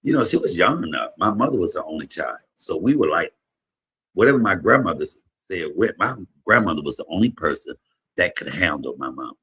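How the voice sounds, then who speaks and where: A man in his fifties talks in a low, deep register with a husky, raspy texture. He chats casually on a livestream, rambling through emotional stories that break into sudden loud bursts. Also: big pitch swings, brisk. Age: 50s. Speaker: comedian streamer. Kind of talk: casual livestream chat and storytelling.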